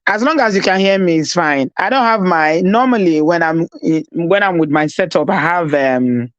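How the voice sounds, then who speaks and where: A woman with a Nigerian accent hosts a casual live stream without her usual mic. She chats with viewers, laughs often and drops into Pidgin, and her voice sounds husky. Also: on the low side, moderate pace, no room sound, highs cut off. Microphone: no proper mic, device mic.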